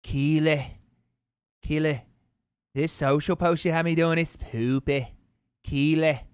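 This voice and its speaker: A man's voice: fairly high pitch, steady tone, slow, clear, resonant tone, no echo, pitched below the performer's own voice. A man putting on a cocky young English footballer's voice and accent, with a mocking sing-song drawl. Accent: English, put on.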